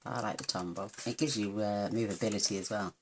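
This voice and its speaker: A woman's voice: rumbling low, fairly quick, background noise. A woman giving a chatty, homely papercraft tutorial at her craft table, full of self-deprecating asides. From United Kingdom. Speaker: papercraft demonstrator.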